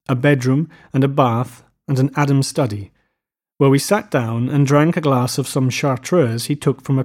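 A man narrating literary fiction aloud in a measured, unhurried way. His voice sits in a middle pitch range. It is a scripted audiobook reading. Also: dark tone.

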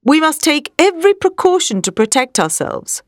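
Woman voicing grave elderly professor, commanding, lively pitch, dry sound. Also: moderate pace, no echo. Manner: firm, commanding. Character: stern elderly male vampire-hunting professor.

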